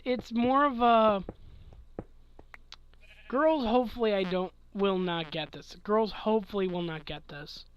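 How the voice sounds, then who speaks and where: A man's voice: sits high, a little slow, long pauses, smooth, dull audio. A man in his twenties chatting casually late at night, sleepy and yawning, rambling with chuckles and trailing thoughts. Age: 20s. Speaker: gaming channel host answering questions.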